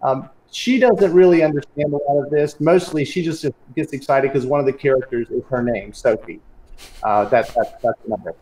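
A man talking as a guest in an interview, relaxed and plainspoken. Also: mid-range voice, normal speed, poor audio. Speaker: guest, series producer. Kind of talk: conversational interview.

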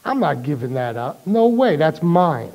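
A preacher acts out a proud old tyrant on his deathbed, stubborn and dismissive. His voice drops low as he clings to what is his. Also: sing-song, a little slow, a little mellow.

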